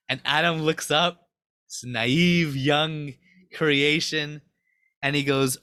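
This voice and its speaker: A man giving a Torah class who acts out a story with rising excitement. His voice sits a bit high and sounds bright. The recording is dry and close. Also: a little slow, smooth, no room sound. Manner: excited, dramatic retelling. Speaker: Torah teacher.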